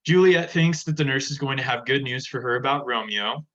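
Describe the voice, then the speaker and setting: Guy teaching a lesson, chatty, bright forceful voice, kinda dull lo-fi sound. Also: mid-range voice, a little fast. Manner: chatty, retells scenes in everyday words. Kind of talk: casual classroom explanation.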